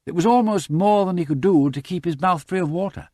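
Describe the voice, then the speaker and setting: A man reading a novel aloud as an audiobook narrator, with dramatic, lively narration. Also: sits high, a little fast, no echo, studio quality. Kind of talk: scripted narration.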